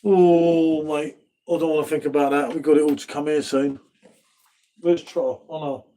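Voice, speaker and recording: A man's voice: on the high side, steady tone, moderate pace, warm tone. A middle-aged man with an accent from near London, hosting a casual live stream, chatting and reading out viewer comments. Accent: southern English, from near London. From England. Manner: chatty, laid-back, reads viewer comments, says mate a lot. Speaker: live stream pub host.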